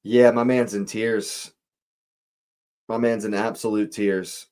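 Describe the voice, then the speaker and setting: A man's voice: on the low side, little pitch movement, darkish tone, clean tone. A man hosting a live football watch-along, reacting to the match in disbelief and repeating his phrases. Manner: exasperated, repeats phrases, slow deliberate delivery.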